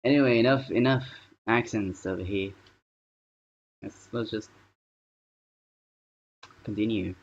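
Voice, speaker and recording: Male streamer, low voice, casual aimless chatter, thinks out loud; muffled home-stream sound. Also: slow, pauses often. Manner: rambling, thinking aloud while working. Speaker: live streamer. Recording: dull lo-fi stream audio.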